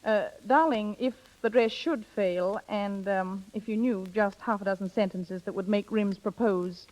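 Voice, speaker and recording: A woman's voice: medium pitch, unhurried, a little mellow, natural voice, poor audio. Actress as a scheming worldly older woman, coaxing, theatrical, old radio drama. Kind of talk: 1940s radio acting.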